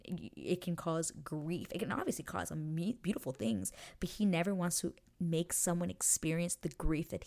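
Female podcast host, low gravelly voice, casual gushing recap, lots of "like" and restarts. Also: a little mellow. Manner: gushing, chatty, full of fillers and restarts. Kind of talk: casual chat.

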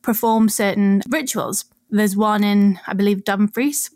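A woman's voice: mid-range voice, fairly even intonation, a little slow, a little mellow, no echo. Woman, podcast co-host, casual explaining, laughs often, dry sound. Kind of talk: casual chat.

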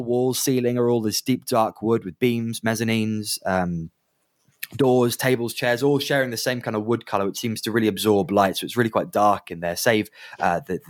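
A man's voice: on the low side, no echo, clean studio sound. A man narrating as game master, rambling with lots of fillers and restarts.

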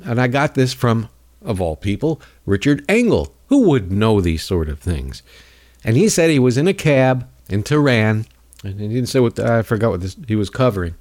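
A male talk host in a loose, rambling monologue, sarcastic and cutting. His pitch swings widely as he talks, and he drops into mocking voices of the people he criticizes. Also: sing-song, moderate pace, a little mellow. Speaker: political talk show host. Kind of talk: casual political monologue.

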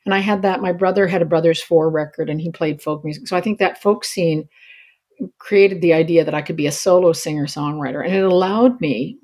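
An older woman from the Canadian prairies, a singer-songwriter guest chatting lively in an interview, with many restarts and asides. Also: lowish voice, brisk. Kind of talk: casual interview chat.

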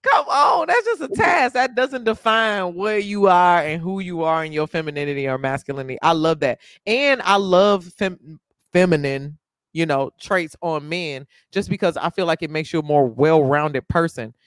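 A man's voice: fairly high pitch, moderate pace, fairly bright tone, smooth, no room sound, clean studio sound. A man hosting a podcast, chatting casually in a blunt, swearing way and laughing often. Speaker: podcast host. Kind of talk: casual conversation.

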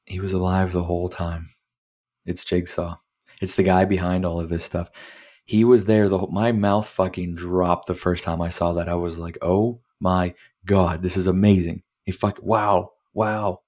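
A man's voice: sits low, little pitch movement, normal speed, darkish tone. A man hosting a podcast, casually recapping a film in a rambling, profane way and laughing often. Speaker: podcast host.

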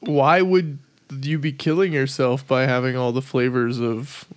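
A man's voice: mid-range voice, fairly even intonation, measured pace. A man co-hosting a podcast in casual chat, wry and meandering. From Canada. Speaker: podcast co-host.

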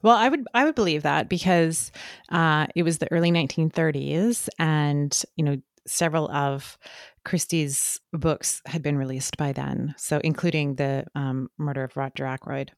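A woman co-hosting a podcast, speaking thoughtfully and pausing often with fillers. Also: deep voice, no room sound, clean studio sound. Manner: thoughtful, hesitant with many fillers. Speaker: podcast co-host. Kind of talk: casual chat.

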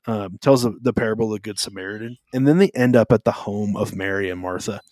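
A man's voice: lowish voice, fast talker, a little mellow, dry recording. A man co-hosting a podcast, talking casually about faith in a rambling way, with lots of fillers and self-interruptions. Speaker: podcast co-host.

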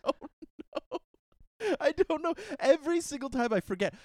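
A podcast host in his thirties, chatting candidly and laughing often, with self-deprecating humor and sudden jumps up in pitch when excited. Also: normal speed, dry recording, clean studio sound. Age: 30s. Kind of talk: casual chat.

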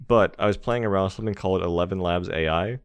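A man's voice: deep voice, quick pace, clear, resonant tone, no echo, clean studio sound. A man co-hosting a gaming podcast in casual chat, tossing out wry jokes and asides. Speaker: podcast co-host.

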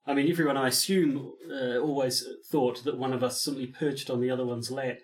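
Male co-host for a comedic podcast. Dry, wry delivery, mid-pitched and steady. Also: fairly quick. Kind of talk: casual comedic banter. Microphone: studio mic, filmed on a sofa.

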